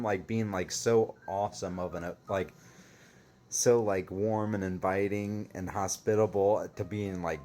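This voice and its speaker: Deep-voiced man rambling through a story. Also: steady tone, moderate pace, dark tone, a little hiss or hum. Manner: rambling, heavy on fillers and swearing. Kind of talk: casual storytelling to camera.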